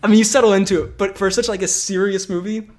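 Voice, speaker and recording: A man's voice: sits high, fairly even intonation, fast, a little mellow. A man in casual podcast conversation, his voice sitting a little above the usual male range. He rambles through fillers and breaks into laughter often. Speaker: podcast co-host. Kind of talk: casual chat.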